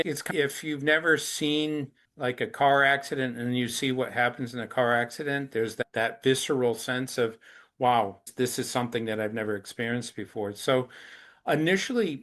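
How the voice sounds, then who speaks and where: A man's voice: medium pitch, measured pace, fairly bright tone. Earnest middle-aged man explaining. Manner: earnest, explains through step-by-step examples. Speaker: anti-trafficking activist, interview guest. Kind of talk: conversational interview.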